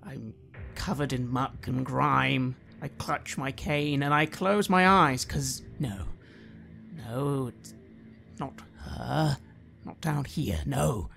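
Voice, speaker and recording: A man playing a desperate widowed scientist in first person, halting and anguished, breaking into rage. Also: medium pitch, lively intonation, vocal fry, sharp tone, soft background music, exaggerated voice. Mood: shaken. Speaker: player. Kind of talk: in-character first-person roleplay.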